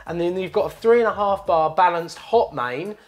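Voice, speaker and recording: A man's voice: sits high, lively intonation, moderate pace. A man with a British accent, a plumber talking through a hands-on job indoors in a chatty, joking way. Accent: British English. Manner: chatty, jokey, explaining step by step. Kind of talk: hands-on trade tutorial. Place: indoors at a job site by a hot water cylinder.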